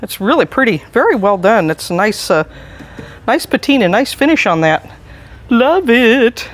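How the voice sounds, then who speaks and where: A staff member with a medium-pitched voice that swings widely in pitch talks at a moderate pace, chatty and enthusiastic, while leading a casual walking tour inside a large antiques mall. They chuckle often, and the audio comes from a handheld camera carried as they walk.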